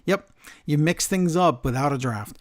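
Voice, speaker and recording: A man hosting a wrestling podcast, recapping the show in an animated way and acting out quotes. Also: fairly high pitch, moderate pace. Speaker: podcast host. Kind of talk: casual chat recapping wrestling.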